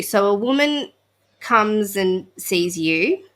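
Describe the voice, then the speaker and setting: A woman's voice: medium pitch, lively intonation, takes it slowly. A woman hosting a podcast interview, summing up her guest's work before asking thoughtful questions. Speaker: podcast host.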